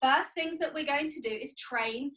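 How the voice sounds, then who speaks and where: A woman's voice: high voice, normal speed, fairly bright tone. A young woman leading a cheerful, sing-song video lesson for preschool children, counting along with exercises. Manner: cheerful, sing-song, leads physical activities. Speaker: preschool educator.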